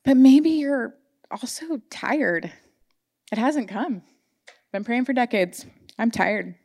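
A woman's voice: a little high, expressive, takes it slowly, darkish tone. Woman preacher, earnest and emotional, church sermon, heartfelt testimony. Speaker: church speaker. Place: church sanctuary.

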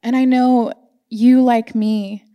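A woman's voice: a little high, little pitch movement, takes it slowly, smooth, highs cut off. A woman giving an earnest, emotional sermon to her church congregation, sharing personal stories. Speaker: church speaker. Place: church sanctuary.

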